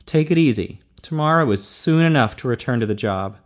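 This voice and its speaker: A man's voice: medium pitch, lively intonation, brisk, natural voice. A man reading as an awkward prison guard.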